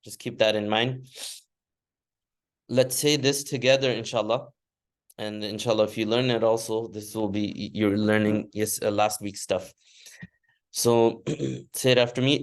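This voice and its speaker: A man's voice: mid-range voice, steady tone, a little slow. A man teaching Arabic grammar in a classroom, explaining patiently and leading students through recited drills. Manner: patient, repeats terms and has students recite after him.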